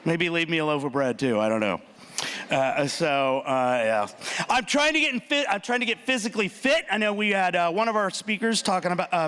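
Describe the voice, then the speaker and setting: Bright-voiced man doing stand-up. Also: high voice. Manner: animated, punchy, talks to the audience with quick asides. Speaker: student speaker. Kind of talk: stand-up comedy routine. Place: large hall.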